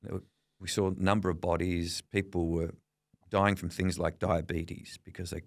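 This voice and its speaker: Middle-aged Australian man, seasoned reporter guest, lively anecdotal storyteller, lower voice, dry close sound. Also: normal speed, no room sound. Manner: lively anecdotal storyteller, quotes people in character. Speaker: veteran journalist guest. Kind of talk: storytelling interview.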